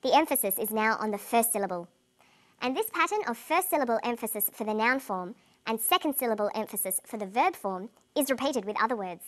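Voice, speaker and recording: A woman presenting an English lesson in clear, deliberate scripted narration, slowing down on example words. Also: a little high, expressive.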